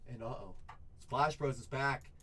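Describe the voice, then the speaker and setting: A man hosting a live card break stream, talking to viewers in excitable, repetitive sales patter. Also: mid-range voice, a little slow. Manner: excitable, repeats phrases, chats with viewers. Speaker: card break livestream host.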